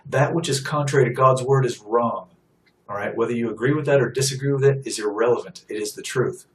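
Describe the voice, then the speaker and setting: A man's voice: medium pitch, fairly quick, distant mic, rough recording. A man giving an impassioned sermon, blunt and emphatic, driving points home by repeating them. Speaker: street preacher.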